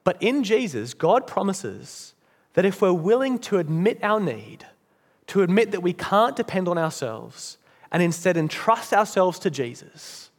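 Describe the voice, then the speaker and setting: A man preaching a sermon in an earnest, emphatic way. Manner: earnest, emphatic, drops low and soft at key points. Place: church. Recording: long church reverb.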